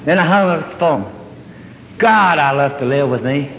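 A man telling a long comic story on stage, drawling and deadpan, then jumping up in excitement. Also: on the high side, normal speed, slight background noise. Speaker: comedian. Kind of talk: stand-up storytelling. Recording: hall reverb with faint ambience.

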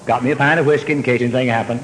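A man telling a long comic story on stage, drawling and deadpan, then jumping up in excitement. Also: medium pitch, racing, very noisy. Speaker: comedian. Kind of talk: stand-up storytelling. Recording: hall reverb with faint ambience.

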